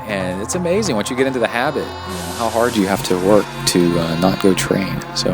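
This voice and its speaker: A man's voice: on the low side, lively intonation, a little fast, music in the background. A man hosting a casual solo training podcast, rambling and chatty with plenty of uhs. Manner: rambling and chatty, many uhs, laughs at himself. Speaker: podcast host and triathlete coach.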